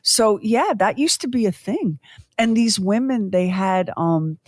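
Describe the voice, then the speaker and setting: Woman, fifties, podcast host, casual tangents, mid-pitched, dry close sound. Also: expressive, a little slow, darkish tone, no echo. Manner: chatty, tangential, self-deprecating humor.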